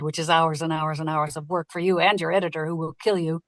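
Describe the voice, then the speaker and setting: Chatty woman narrator, lower voice, dry sound. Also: no echo. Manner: lively, chatty, quick to laugh. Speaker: audiobook narrator. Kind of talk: casual interview chat.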